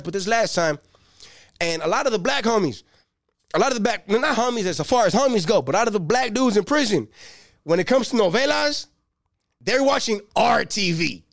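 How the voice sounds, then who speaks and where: Young male stand-up: high, wildly swinging voice, profane street banter, dry close sound. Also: no echo. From Los Angeles. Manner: animated, profane, streetwise banter with shouted bursts. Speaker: stand-up comedian. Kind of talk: stand-up routine.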